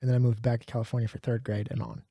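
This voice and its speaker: A man's voice: mid-range voice, flat delivery, rapid-fire, warm tone, husky, no echo, clean studio sound. A man from Saint Louis co-hosting a podcast, asking questions and teasing in casual chat. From Saint Louis, Missouri. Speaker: podcast co-host.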